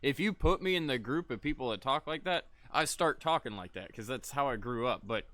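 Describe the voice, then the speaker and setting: A man's voice: mid-range voice, lively intonation, a little fast, bright, forceful tone, dry recording. A young man casually rambling through live gameplay commentary, laid-back and often chuckling, with the odd cough. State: coughing between lines. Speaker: gaming streamer.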